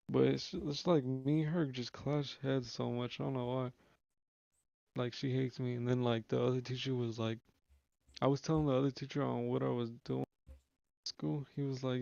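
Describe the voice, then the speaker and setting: A man's voice: medium pitch, fairly even intonation, normal speed, creaky, darkish tone, no room sound, highs cut off. A young man streaming live, telling a long story in casual slangy speech with lots of swearing and restarts. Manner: rambling, slangy, swears freely, restarts often.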